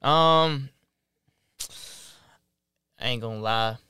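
A man's voice: mid-range voice, extremely slow, sharp tone, clean tone, no room sound. A young man co-hosting a podcast, blunt and joking in crude casual chat. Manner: blunt, joking, laughs a lot. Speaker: podcast co-host.

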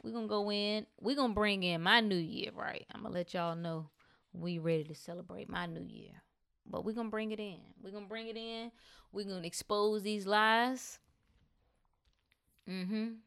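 A woman delivers a motivational monologue with a gravelly edge in her voice. Her pitch sits in an ordinary middle range. She talks in a preachy, emphatic way and swings up into loud, urgent exhortations. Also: fairly even intonation, moderate pace. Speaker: motivational speaker.

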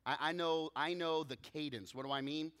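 A man preaching with a somewhat raised pitch. He delivers his sermon as an animated storyteller, jumping from loud bursts to soft, low asides and often restarting his sentences. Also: moderate pace, clean tone, big-room sound. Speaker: pastor.

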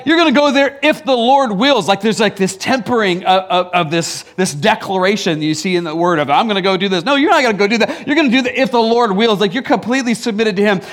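High-voiced man giving a casual sermon. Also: fairly bright tone. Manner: casual and teasing, many fillers and restarts, chuckling asides. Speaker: pastor. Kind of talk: conversational sermon.

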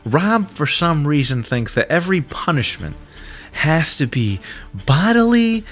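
A man's voice: on the high side, sing-song, a little slow, fairly bright tone. A man co-hosting a podcast, talking casually and joking, with hesitant, restarting phrasing. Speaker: podcast co-host.

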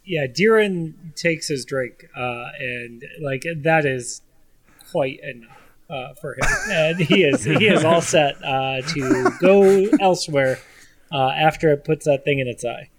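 A man playing a tabletop game, narrating his character in a relaxed, rambling way. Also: on the high side, unhurried. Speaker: player. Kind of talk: narrating own character's actions.

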